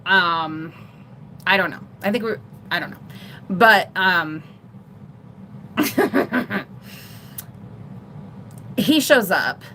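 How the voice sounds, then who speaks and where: A middle-aged woman vlogger telling a personal story in a rambling, animated way on a casual livestream. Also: medium pitch, a little hiss or hum. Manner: rambling, animated retelling with laughs.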